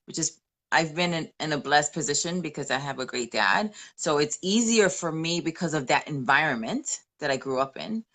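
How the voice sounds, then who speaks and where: Woman, 40s, lowish voice, live stream co-host, earnest testimonial chat, mixes in Spanish phrases. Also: animated, normal speed, fairly bright tone.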